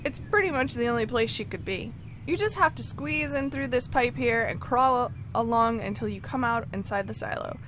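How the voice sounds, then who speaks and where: A woman's voice: a little high, a bit bright, slight background noise. A woman voicing an easygoing male farmer, reading game dialogue aloud in a chatty, matter-of-fact way.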